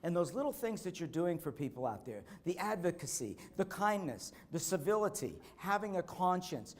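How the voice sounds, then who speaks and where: A middle-aged man giving a motivational conference speech, telling stories earnestly and slowing down for emphasis. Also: sits high, big pitch swings. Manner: storytelling, earnest, slows for emphasis. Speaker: keynote speaker. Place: conference hall.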